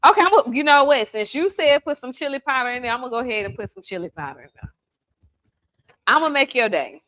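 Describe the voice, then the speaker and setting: A woman's voice: sits high, expressive, fast talker, fairly bright tone. A woman hosting a casual home cooking demonstration in her kitchen, chatty and playful, teasing the person filming. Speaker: home cook host.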